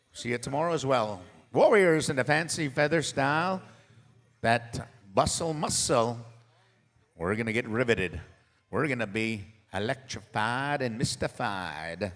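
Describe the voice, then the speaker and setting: A man's voice: medium pitch, a bit bright. Hyped male powwow emcee, echoey arena. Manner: hyped, rallying crowd calls and jokes. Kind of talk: live event announcing. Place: large indoor powwow arena.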